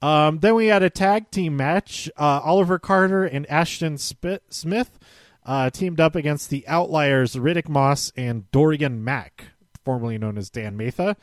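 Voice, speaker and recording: A man's voice: fairly high pitch, measured pace, no echo, studio quality. A man giving a casual, rambling spoken recap, often restarting and correcting himself with small chuckles. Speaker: show recap host.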